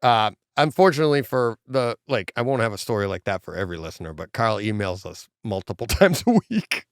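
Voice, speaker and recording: A man's voice: fairly low pitch, sing-song, a little fast, smooth, dry recording, studio quality. A man co-hosting a podcast, telling stories animatedly, mimicking people and laughing often. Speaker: podcast co-host. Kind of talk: casual chat.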